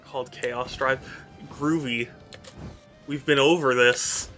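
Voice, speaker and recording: A man's voice: medium pitch, fairly even intonation, slow pace, pushed and bright, faint music behind. Playful, bickering man streaming a game. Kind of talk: casual live-stream chat with viewers.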